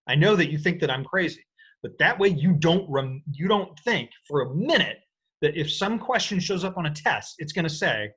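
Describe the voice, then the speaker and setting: A man teaching an economics lecture in an energetic, playful way, often checking in with his students. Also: a little high, quick pace, breathy edge. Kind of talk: recorded lecture.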